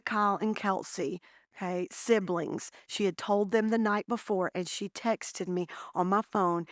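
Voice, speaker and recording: A woman's voice: mid-range voice, no echo, clean studio sound. Woman telling heartfelt testimony. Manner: heartfelt, storytelling, addresses listeners as "y'all". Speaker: guest speaker. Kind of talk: personal testimony talk. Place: church breakfast gathering.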